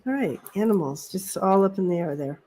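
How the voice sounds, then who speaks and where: A woman's voice: medium pitch, expressive, a little fast, warm tone. A middle-aged woman co-hosting a casual live stream, chatty, laughing often and repeating her words. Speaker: psychic reader, co-host.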